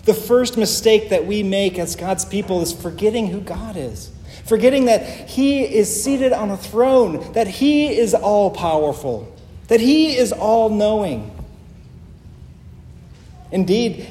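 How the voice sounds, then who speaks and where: High-voiced man preaching in an echoey hall. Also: warm tone, slight background noise. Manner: earnest, emphatic preaching with pauses. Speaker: pastor. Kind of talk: sermon. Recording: echoey hall with faint ambience.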